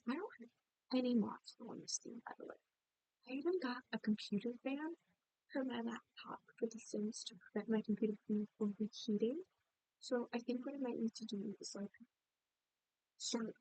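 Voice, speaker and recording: A woman's voice: on the high side, dark tone, no echo, low-quality recording. A young woman, a college student, chatting candidly in a rambling, apologetic way as she narrates her game build, sounding worn out. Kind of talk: casual voice-over chat over a game build. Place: at home by a laptop.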